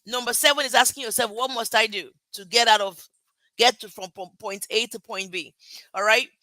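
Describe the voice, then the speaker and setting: Nigerian lady hyping folks up on a live, super bright voice, dry no-room sound, repeats stuff, laughs at herself. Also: fairly high pitch, fairly even intonation, normal speed, no room sound, poor audio. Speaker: motivational host. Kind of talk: motivational live talk.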